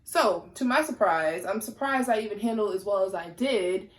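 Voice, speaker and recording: A woman's voice: mid-range voice, normal speed, hardly any pauses. Sassy young woman chatting while doing makeup, blunt, kinda roomy echo. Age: young adult. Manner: sassy, candid, gets heated. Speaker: lifestyle vlogger.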